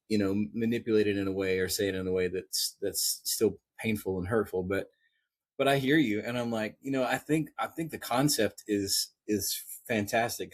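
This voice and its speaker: Male podcast co-host, low and husky, halting and reflective, dry close mic. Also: no echo. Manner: halting, thoughtful, many restarts. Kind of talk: casual podcast chat.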